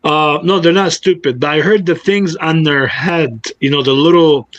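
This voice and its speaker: A man's voice: fairly high pitch, steady tone, moderate pace, a bit bright, no echo, dull audio. A man chatting casually on a livestream, rambling and laughing a lot.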